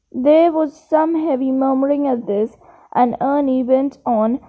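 A woman reading a novel aloud in plain, steady narration with occasional slips. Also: high-pitched, measured pace. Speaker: reader. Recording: tinny phone-like sound.

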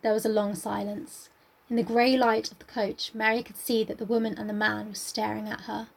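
A woman's voice: medium pitch, flat delivery, a little fast, gravelly. A young woman, co-hosting a casual podcast and retelling and reading a novel aloud. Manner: chatty retelling with "like". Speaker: podcast co-host. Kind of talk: casual book-club chat and reading aloud.

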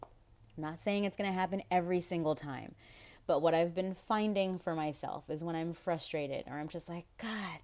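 A woman talking straight into her podcast mic with a slightly low voice. She rambles through casual asides, swears freely and laughs often. Her tone stays blunt and unfiltered. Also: moderate pace, a little mellow. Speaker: podcast host.

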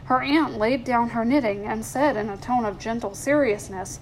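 Lady reading an old christmas story, calm, bit high, faint hiss behind. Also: moderate pace, poor audio. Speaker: story reader.

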